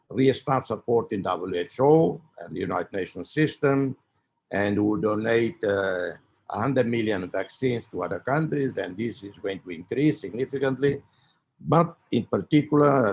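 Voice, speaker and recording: A man giving a formal opening speech, measured and emphatic, with frequent pauses and fillers. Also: lowish voice, creaky, darkish tone, breathy edge. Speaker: keynote speaker.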